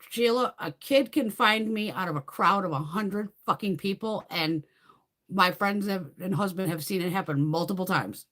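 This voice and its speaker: Brief: woman beauty streamer, bouncy pitch, blunt and crude, animated storyteller. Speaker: beauty livestream host. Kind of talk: casual live chat while doing makeup.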